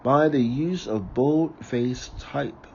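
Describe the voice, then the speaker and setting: A man reading aloud from a book, slowly and carefully, sometimes correcting himself. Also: medium pitch, gravelly, lo-fi sound, slight background noise. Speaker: reader of a book on ritual.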